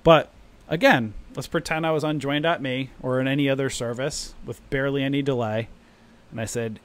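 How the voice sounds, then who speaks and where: A man's voice: mid-range voice, a little fast. A man hosting a live stock trading stream, explaining charts and acting out panicking new traders. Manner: animated, acts out panicking traders. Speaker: trading room host. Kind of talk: live stream market commentary.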